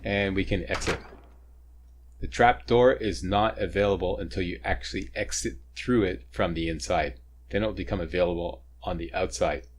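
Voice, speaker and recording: A man's voice: sits low, moderate pace. A man hosting a video game walkthrough, chatty and joking as he explains each step. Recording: faint ambient noise, sirens nearby.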